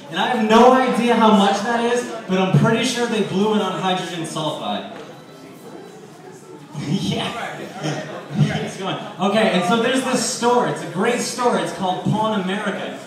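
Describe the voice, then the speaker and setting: A high-voiced man rambles through a profane stand-up set from a bar stage, mocking himself as he goes. He is caught from across a very echoey room, and his voice sounds distant. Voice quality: rambling, profane, self-deprecating. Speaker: stand-up comic. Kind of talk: stand-up set at an open mic. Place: bar stage before a live audience. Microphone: handheld stage microphone, caught by a distant camera.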